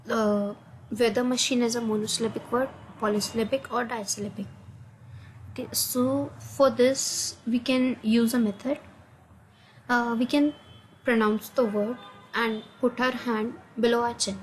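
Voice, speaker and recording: A woman with an Indian English accent and a somewhat high voice explains test answers step by step. She hesitates often and fills the gaps with "uh". A faint hiss sits under the recording. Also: fairly even intonation, unhurried, rough recording. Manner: hesitant, many uh fillers, non-native grammar. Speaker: student explaining assignment answers. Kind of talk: screen-recorded answer walkthrough.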